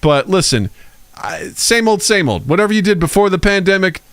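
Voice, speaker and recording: A man's voice: high-pitched, lively intonation, moderate pace, fairly bright tone, clear, resonant tone, no echo. A man co-hosting a podcast, rambling through loose, joking advice in casual chat. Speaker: podcast co-host. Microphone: podcast mic.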